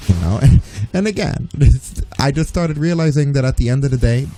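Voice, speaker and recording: A man's voice: medium pitch, expressive, fairly quick, mellow, slight background noise, poor audio. A man with a New York accent, a streamer talking bluntly and profanely in a casual gaming chat, often mocking people in put-on voices. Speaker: streamer and co-host.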